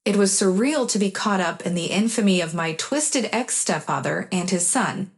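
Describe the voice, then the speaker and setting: A woman's voice: mid-range voice, expressive, normal speed. Sex: woman. Style: plain first-person story narration.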